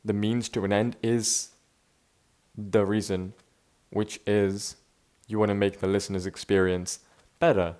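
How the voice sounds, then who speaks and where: In this unscripted vlog, a young man with a somewhat low voice reflects on himself in a laid-back, loose way at a measured pace. Long pauses break up his speech, he frequently starts his sentences over, and "bro" and "man" come up constantly.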